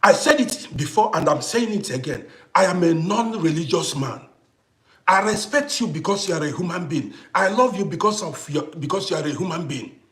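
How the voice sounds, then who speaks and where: Male livestream host, middle-aged, high-pitched and expressive, hammering points home through repetition. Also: normal speed. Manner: emphatic, repeats phrases for effect. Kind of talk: impassioned livestream monologue.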